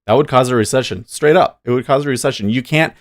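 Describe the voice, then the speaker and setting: A mid-range male voice rattles along quickly with no echo. It's the opinionated day-trading streamer again, rambling casually through live commentary and responding to chat.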